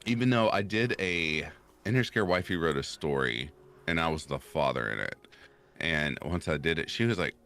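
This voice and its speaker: A man hosting a casual podcast chat, with a deep voice full of rumbling subharmonics. He laughs often and tells stories in an animated way. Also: normal speed. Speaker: podcast host and horror narrator.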